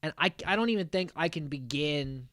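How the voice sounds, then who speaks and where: American guy podcasting, bright crisp voice, dry close sound, does little voices for people. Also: a little high, a little fast, no room sound. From United States. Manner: animated, acts out quotes from the cast; swears casually, frequent fillers. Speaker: podcast host. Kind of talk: casual recap commentary.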